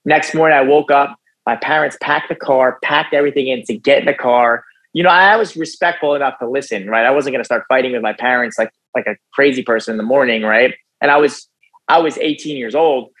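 Animated young man telling his story. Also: mid-range voice, a little fast, low-quality recording. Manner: animated, casual storytelling with frequent "dude" and "right?". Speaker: podcast guest, youth motivational speaker. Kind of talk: personal storytelling in an interview.

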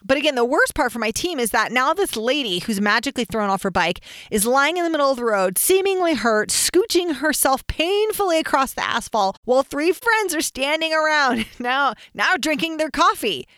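Animated woman telling a story, dry sound. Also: high voice, normal speed, hardly any pauses, dry recording. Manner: animated, laughs often, acts out quoted shouts. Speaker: podcast host telling a personal story. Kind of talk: casual first-person storytelling.

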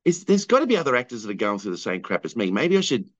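An Australian filmmaker, interviewed as a guest, tells his story casually in a mid-range voice that is very animated and fast, on lo-fi audio. He rambles with many fillers and restarts and acts out what people said.

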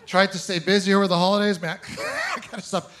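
A young man from Ontario works through a stand-up set with a fairly high voice. He rants in an incredulous, exasperated tone and mocks himself along the way. A faint hiss sits under the recording. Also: wildly swooping pitch, a little fast, a crowd in the background. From Ontario, Canada. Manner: incredulous, exasperated ranting with self-mocking asides. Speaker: stand-up comedian.

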